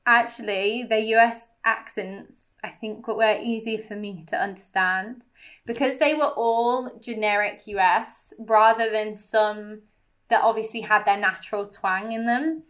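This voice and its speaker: A woman's voice: mid-range voice, unhurried. British woman co-hosting, loose and rambly, lots of um and yeah, mid voice. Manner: relaxed and rambling, frequent "um" and "yeah". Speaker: podcast co-host. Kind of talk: casual chat.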